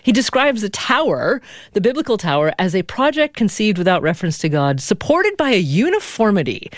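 A radio talk show host interviewing a guest in a curious, lively way. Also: medium pitch, fairly quick, dry recording, studio quality. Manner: lively, curious, self-deprecating.

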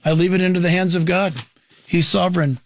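A man's voice: sits high, little pitch movement, a little fast, dry recording. A man critiquing preachers' teachings in an emphatic way, asking his own questions and answering them. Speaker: Christian commentator.

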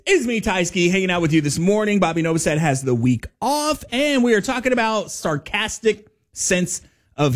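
A man hosting a morning radio show, upbeat and joking with quick asides. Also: a little high.

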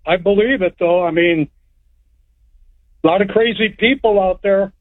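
A man's voice: high-pitched, normal speed. A man calling in to a radio show, telling a story in a rambling, plain-spoken way. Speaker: caller. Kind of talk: phone-in storytelling. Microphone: telephone. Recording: tinny phone line.

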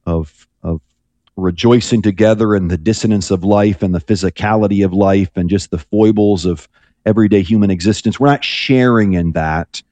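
A low, mellow male voice, a priest on a radio call-in show. He talks reflectively, often restarting his sentences, and the sound is dry and close. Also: moderate pace, dry recording. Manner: thoughtful, rambling with frequent restarts.

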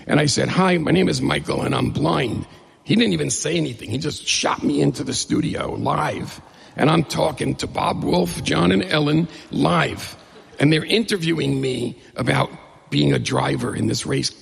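Middle-aged male storyteller, gravelly and husky, lively and humorous, recorded in a reverberant hall. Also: a little high, moderate pace. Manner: lively, humorous, acts out dialogue. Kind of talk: personal storytelling to an audience.

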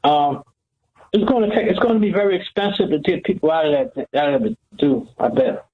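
A man calling in to a radio show, halting and hesitant, repeating his words. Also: a little high, animated, slightly rough. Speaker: caller. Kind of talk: phone-in call. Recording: dull phone line.

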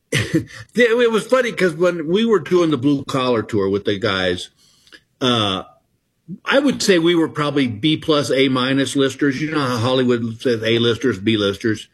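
A middle-aged man, a comedian telling stories in an interview, halting and self-deprecating. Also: mid-range voice, animated, slightly rough. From Texas. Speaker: comedian guest. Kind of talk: casual interview chat.

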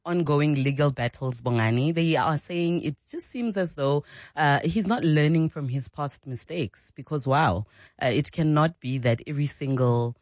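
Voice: mid-range voice, moderate pace, no echo. A chatty radio presenter reading out listener feedback. The presenter keeps addressing the host by name. The voice sits mid-range, and the sound is dry and close. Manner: chatty, often says the host's name.

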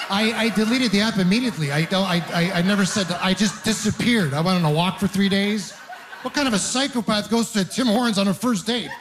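A man's voice: sits high, fast. A man in his thirties doing a stand-up set, telling self-deprecating stories and talking straight to the crowd. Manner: self-deprecating storytelling, animated asides to the audience. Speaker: stand-up comedian. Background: audience laughter.

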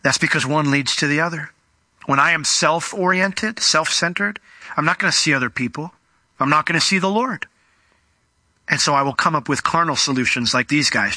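An animated male pastor preaches in a conversational style, slipping into acted quotes. His voice sits fairly high with a bright, cutting edge. The sound is dry and close. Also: normal speed, no room sound. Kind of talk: expository sermon.

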